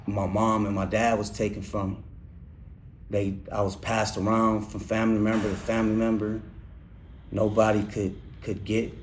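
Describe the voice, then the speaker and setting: A young man speaks in a low, flat voice, telling his own hard past in halting phrases. He restarts often and lets his words fall quiet at times. Faint background noise sits under the voice. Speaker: interviewee, incarcerated man. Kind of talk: candid personal testimony.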